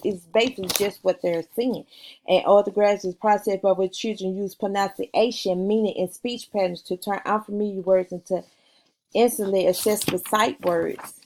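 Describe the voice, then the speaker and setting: A woman giving a recorded class presentation, reading from notes with pauses, fillers and self-corrections. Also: medium pitch, fairly even intonation, darkish tone, slight background noise, low-quality recording.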